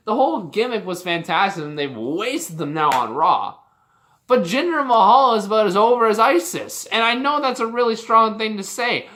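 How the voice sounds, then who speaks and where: Heated, foul-mouthed Canadian vlogger with a bright voice. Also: medium pitch, sing-song, moderate pace, slight background noise. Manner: heated, profane, exasperated ranting. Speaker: wrestling commentary vlogger. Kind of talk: casual opinion rant.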